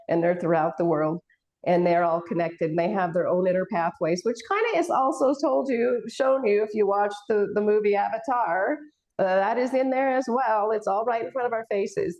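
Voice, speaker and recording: A woman's voice: medium pitch, darkish tone. Earnest rambling woman on a spiritual panel. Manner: earnest, rambling, with emotional swells and laughs. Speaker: panel host. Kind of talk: casual spiritual discussion.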